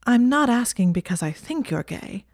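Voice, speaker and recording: A woman's voice: fairly high pitch, big pitch swings, moderate pace, a little mellow, dry recording, studio quality, pitched above the performer's own voice. A woman voicing an anxious, embarrassed young witch who speaks hesitantly. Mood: flustered.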